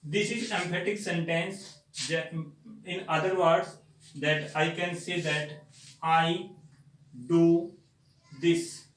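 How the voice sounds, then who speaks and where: A male teacher with an Indian English accent, giving a grammar lecture slowly and deliberately and repeating words for emphasis. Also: fairly high pitch, fairly even intonation, a bit bright, distant mic. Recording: echoey room, voice set back from the mic.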